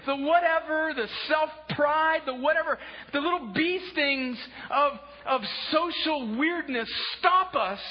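A man preaching a sermon as pastor, impassioned, swinging from hushed asides to shouted exclamations. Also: very high-pitched, slightly rough. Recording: dull lo-fi sound with long hall reverb.

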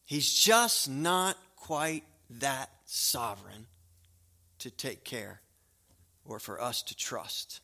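A middle-aged man preaching a sermon as pastor, talking straight to his congregation and swinging from hushed asides to loud, emphatic declarations in a church sanctuary. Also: mid-range voice, very animated, drawn-out words, vocal fry. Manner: conversational, direct address to the congregation.

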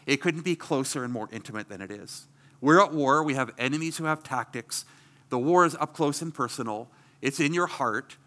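A man's voice: mid-range voice, pushed and bright. A middle-aged man preaching a sermon as pastor, earnest and emphatic, asking rhetorical questions.

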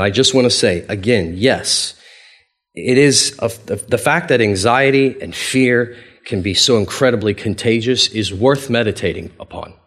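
A man preaching a sermon as pastor, conversational and playful, acting out quoted dialogue with big swings in voice. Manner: animated, acts out quoted dialogue with big pitch jumps; conversational, playful, chuckles often.

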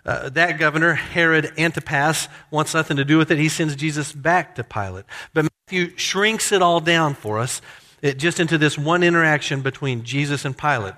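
A man's voice: on the high side, normal speed, sharp tone, in a large hall. A man preaching a sermon as a pastor, explaining scripture and acting out quoted lines with emphasis.

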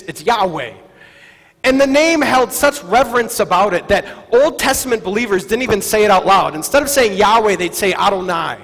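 A man's voice: very high voice, a bit bright. A male pastor giving a sermon in a conversational way, often asking the congregation "right?" and laughing lightly, in a church hall. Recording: reverberant hall with faint music.

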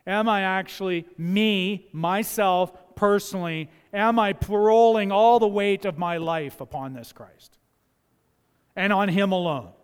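A man preaching a sermon in a church, his voice high for a man and smooth and resonant. He is emphatic, drops to quiet asides, then rises loud while acting out the voices he quotes. The sanctuary adds a long, trailing reverb. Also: a little slow. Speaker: pastor.

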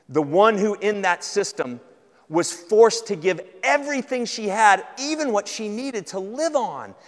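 A man with a Southern US accent preaching a sermon, earnest, swinging from loud urgency to hushed, intimate tones. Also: sits high. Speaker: pastor. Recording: long hall reverb.

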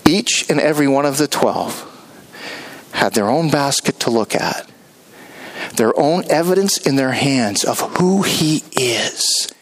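A pastor preaching a sermon, telling the story with animated delivery and acting out the characters. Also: male voice, mid-range voice, unhurried, low-quality recording.

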